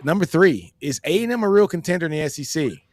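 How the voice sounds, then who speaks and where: A man's voice: fairly high pitch, animated, quick pace, a little mellow, no echo. A man hosting a sports podcast in a casual, laid-back way, tossing "man" into almost every sentence. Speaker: podcast host.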